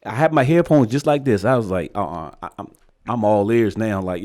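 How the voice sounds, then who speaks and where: A young podcast co-host from Virginia, USA, with a voice on the low side, tells a story a little fast. The chat is casual, and he's an animated narrator who mimics the quoted speakers.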